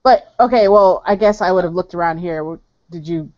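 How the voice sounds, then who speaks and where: Female player, rambling; low, lo-fi online audio. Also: a little fast, darkish tone, no room sound. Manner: rambling, laughing often. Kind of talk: casual game chat. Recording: muffled dry online voice chat.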